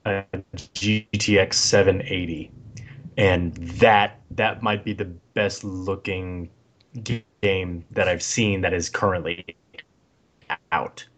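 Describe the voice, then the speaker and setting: A young man with a lowish voice chatting casually on a podcast. He is blunt and swears a lot, and laughs between remarks. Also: fairly even intonation, slow pace, a bit bright. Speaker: podcast co-host. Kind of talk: casual chat.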